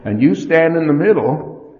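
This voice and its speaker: A man giving a sermon, measured and storytelling, acting out the inner voices he describes. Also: fairly high pitch, animated. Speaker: church speaker. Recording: echoey hall, dull lo-fi sound.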